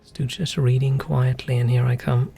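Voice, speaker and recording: Gravelly man streaming games. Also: mid-range voice, level tone, moderate pace, noisy background. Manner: musing, chatty, wanders off on tangents. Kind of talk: casual gameplay commentary.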